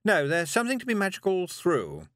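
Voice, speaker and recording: Guy doing a prim fussy witch lady, way higher than his own voice, louder, bouncy. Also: wildly swooping pitch, brisk, no echo, studio quality, exaggerated voice. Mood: brisk teaching. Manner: prim, clipped, insisting she is never worried. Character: brisk, nervous adult female witch. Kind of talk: audiobook character voice.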